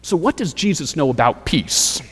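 A man preaching a sermon as pastor, measured and rhetorical, building points through repeated phrases. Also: a little high, lively intonation, breathy edge, big-room sound.

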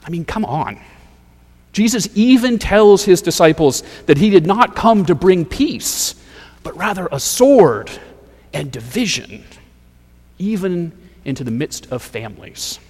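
Slow-preaching man in a reverberant hall. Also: high-pitched, sing-song, a little mellow. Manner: rhetorical, measured preaching with repeated phrases. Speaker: pastor. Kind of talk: sermon.

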